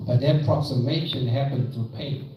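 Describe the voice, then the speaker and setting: A South African man in his fifties, a pastor giving an animated storytelling talk in a museum gallery, often checking in with the audience. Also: medium pitch, moderate pace, lo-fi sound. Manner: animated, leads call-and-response, asks "right?" often. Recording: echoey gallery from far off with music.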